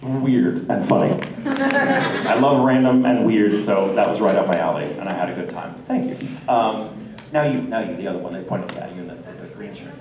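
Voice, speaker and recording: A man's voice: on the low side, normal speed, distant mic, dull audio, background noise. An American man, a voice actor telling stories at a convention panel with lots of laughter. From United States. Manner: animated storyteller, laughs often. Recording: echoey hall recorded from afar.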